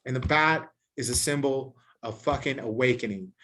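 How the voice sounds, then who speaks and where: A man's voice: medium pitch, normal speed, a bit bright, a little hiss or hum. A podcast host, a man, ranting heatedly and preachily, swearing in nearly every sentence. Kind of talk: profane ranting podcast chat.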